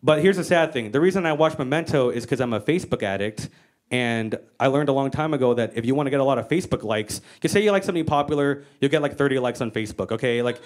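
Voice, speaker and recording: A woman doing a stand-up comedy set on stage, telling stories with animated, mock-exasperated swearing into a handheld mic. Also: extremely low pitch, fast talker.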